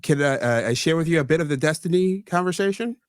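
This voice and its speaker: A male podcast host speaking in a fairly high, lively voice that moves a lot in pitch. His speech sounds dry and close, and he offers brief, encouraging replies with some hesitation. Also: quick pace, no room sound. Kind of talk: casual interview chat.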